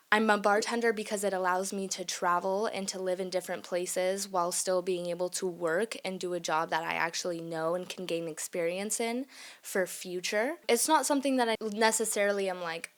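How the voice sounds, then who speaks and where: A woman's voice: medium pitch, steady tone, normal speed. A woman in her early twenties hosting her own podcast, talking in a candid, chatty way and often checking in with her listeners. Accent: northern Mexican Spanish. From family from Mexico. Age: 20s. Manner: chatty and candid, tossing in "okay, guys?"; switches into Spanish and German. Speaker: podcast host. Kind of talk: casual solo podcast monologue.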